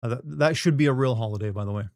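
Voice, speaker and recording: A man's voice: mid-range voice, rapid-fire, darkish tone, no room sound, clean studio sound. A middle-aged man from the Southern United States chatting casually on a live stream, rambling, joking and reading chat aloud.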